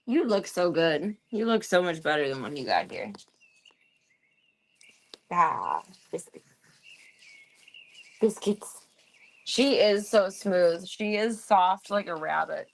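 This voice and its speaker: A woman's voice: fairly low pitch, expressive, slow, vocal fry, pauses often. A woman livestreaming from home, chatting casually and cooing baby talk to her cat.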